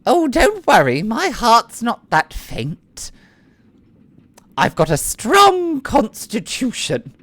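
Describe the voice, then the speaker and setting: A woman voicing a flirtatious aristocratic lady in a tabletop game, with a teasing, drawn-out manner. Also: a little high, wildly swooping pitch, a bit bright, dry recording, pitched above the performer's own voice, full character voice.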